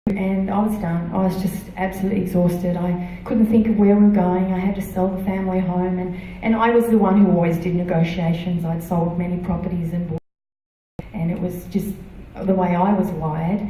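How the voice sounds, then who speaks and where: A middle-aged woman shares her personal testimony from a church stage. Her voice is mellow and dark, picked up from some distance so it sounds thin against the hall. A heavy echo fills the large room around her, and she talks haltingly, with many fillers and restarts. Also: fairly low pitch, fairly even intonation, slight background noise. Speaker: church member giving testimony. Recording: echoey hall, voice from far off.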